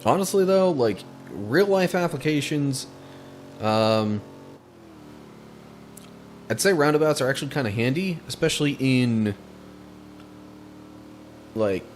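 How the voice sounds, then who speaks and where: A man chats casually about his racing gameplay. He talks in a mid-range voice, laughs easily and gets excited behind the wheel. A faint noise sits under his voice. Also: mid-range voice, slow pace, long pauses. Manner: chatty, laughs easily, excitable while driving. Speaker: gaming channel host. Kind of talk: casual let's play commentary.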